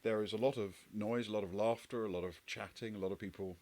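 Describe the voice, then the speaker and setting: A man narrates a tabletop role-play scene as game master. His voice sits fairly low, and he wanders through the description with frequent ums and restarts. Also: fairly even intonation, fast talker, a little mellow. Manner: meandering, hesitant with many fillers.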